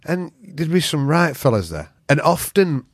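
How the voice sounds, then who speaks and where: A middle-aged man with a Yorkshire accent, a podcast guest who tells stories in a blunt, profane, animated way. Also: on the high side, normal speed, no room sound, clean studio sound. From England. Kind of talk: casual storytelling chat.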